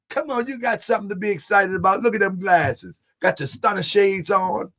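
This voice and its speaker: Loud, husky-voiced man streaming. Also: high-pitched, normal speed, few pauses. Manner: loud, animated, laughing often; reads and answers viewer comments. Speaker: channel host. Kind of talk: livestream commentary.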